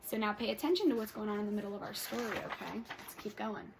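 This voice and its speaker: A woman's voice: medium pitch, vocal fry, slight background noise. A woman teacher reading a story aloud to students and prompting them with encouraging questions. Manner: encouraging, pausing to prompt children.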